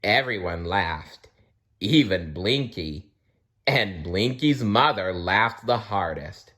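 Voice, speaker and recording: A man reading a children's storybook aloud, expressive, with small slips and restarts. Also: low voice, takes it slowly.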